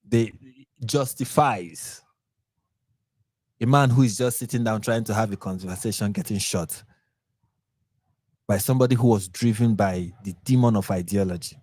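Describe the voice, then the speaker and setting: A man's voice: on the low side, normal speed, pauses often, a little mellow, dry recording. A Nigerian man with a Nigerian accent hosting his channel, giving sarcastic, mocking live commentary on posts and rambling through restarts and repeats. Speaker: channel host.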